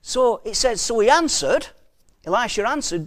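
A man preaching a sermon, reading scripture slowly and asking his listeners rhetorical questions, with frequent restarts. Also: extremely high pitch, sing-song, fairly bright tone. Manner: reads scripture slowly and deliberately.

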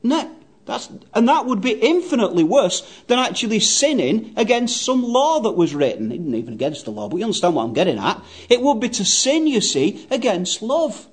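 A man's voice: high-pitched, big pitch swings, fairly quick, breathy edge. A man preaching a sermon, earnest and emphatic, quoting scripture at length and repeating his key phrases.

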